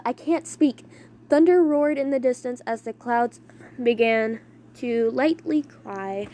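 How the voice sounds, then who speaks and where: A woman narrates a fan story in a casual way, tripping over words now and then and slipping in chatty side comments. Her voice is a bit high for a woman, and she reads at an easy pace. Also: slow pace, a little mellow, a little hiss or hum. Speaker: voice actor reading a fanfic.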